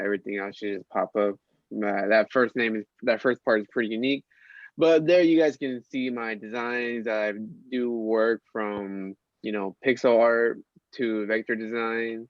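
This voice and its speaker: A man's voice: on the low side, steady tone, moderate pace, dry recording, highs cut off. A man speaking as a podcast guest in casual chat, hesitant, with lots of ums and uhs.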